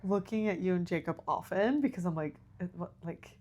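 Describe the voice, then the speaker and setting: A woman's voice: fairly low pitch, a little fast. Laid-back young woman podcaster. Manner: relaxed, laughs often, lots of fillers. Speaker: podcast co-host. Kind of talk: casual chat.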